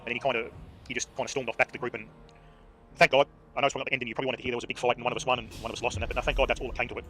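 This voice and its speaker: An Australian man spins a rambling, swear-laden yarn at a breakneck clip. His pitch sits in an ordinary middle range. Game music plays clearly under his voice. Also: little pitch movement, rapid-fire, fairly bright tone. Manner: rambling, swears freely, many fillers. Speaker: streamer. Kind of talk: casual storytelling while gaming.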